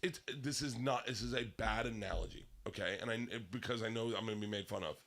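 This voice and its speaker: A man telling a long story on a podcast, profane and animated, swinging between loud excited bursts and low hushed asides. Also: quick pace. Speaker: comedian guest telling a story.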